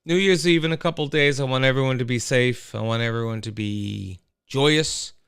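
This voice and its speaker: A man's voice: mid-range voice, moderate pace, creaky, smooth, no echo, studio quality. A man hosting a casual solo livestream, rambling and chatting straight to his listeners. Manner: animated, rambling, talks to listeners. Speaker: host.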